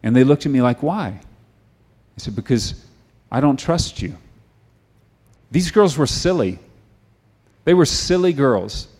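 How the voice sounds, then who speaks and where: Man, middle-aged, preacher, sermon, conversational storytelling, earnest prayer, average pitch. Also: animated, takes it slowly, a little mellow, slightly rough.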